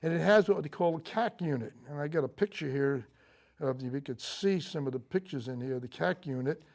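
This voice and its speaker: An older man, a Marine veteran, recounting his memories in a TV interview, speaking haltingly with frequent fillers and restarts. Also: on the high side, a little mellow. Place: local TV studio.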